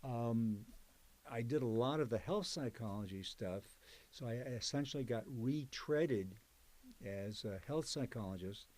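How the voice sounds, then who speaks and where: Older man, psychologist, oral history interview, chatty and digressive, mid-pitched voice. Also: measured pace, a little mellow. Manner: conversational, digressive storyteller with fillers. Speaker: psychologist and professor.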